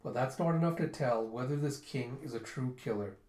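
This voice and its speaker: A man voicing a gruff, stern middle-aged general in a comic book reading, low and measured. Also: darkish tone, close to an everyday voice. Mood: grim. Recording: roomy echo.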